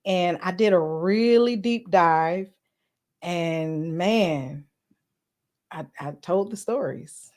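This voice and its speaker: A woman's voice: on the low side, slow, a little mellow. A woman podcast host chatting casually on a live stream, greeting commenters by name and speaking earnestly with some filler words.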